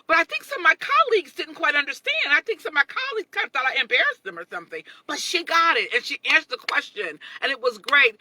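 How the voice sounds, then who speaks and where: A woman in her thirties, hosting a casual motivational talk, chatty and expressive, laughing often and greeting viewers by name. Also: high voice, fast, hardly any pauses, dry recording, poor audio. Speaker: motivational livestream host.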